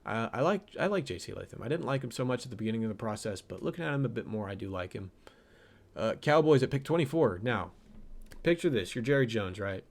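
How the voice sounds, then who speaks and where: A man's voice: mid-range voice, lively intonation, fast. Rambling young man breaking down draft picks. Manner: rambling, self-correcting, laughs at own jokes. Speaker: draft analyst host. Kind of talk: casual mock draft commentary.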